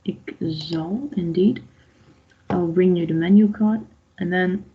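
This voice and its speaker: A woman teaching an online language class, unhurried and patient, with a gravelly, husky voice. She quizzes the class and explains each answer. The sound is dull and lo-fi. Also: fairly low pitch. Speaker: Dutch teacher.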